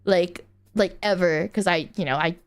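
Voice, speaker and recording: A woman's voice: fairly low pitch, normal speed, slight background noise. A woman streamer chatting casually, telling a story in a rambling way with lots of fillers and bursts of laughter. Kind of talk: casual chat.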